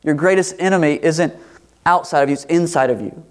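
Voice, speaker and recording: Animated preacher, fairly high voice. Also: male voice, fairly quick. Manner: animated, acts out quoted voices with rising pitch. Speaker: pastor. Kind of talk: expository sermon.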